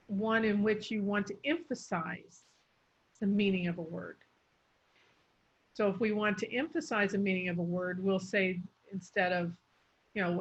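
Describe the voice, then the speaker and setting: A woman's voice: mid-range voice, husky. A woman speech coach teaching intonation, drawing out words to demonstrate stress, on a muffled lo-fi recording. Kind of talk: explanatory teaching.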